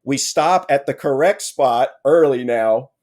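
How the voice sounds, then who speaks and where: Man telling a lively self-mocking story. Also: mid-range voice, measured pace. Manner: lively, frequent "right?" asides, restarts; exasperated self-mocking humor. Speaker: podcast guest. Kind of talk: casual storytelling anecdote.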